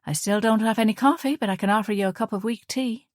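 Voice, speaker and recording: Narrator puts on a brighter, higher woman, polite and breezy, hiding suspicion. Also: fast talker, no room sound, studio quality, lightly acted. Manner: light, polite, feigned nonchalance. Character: wary, friendly woman playing innocent.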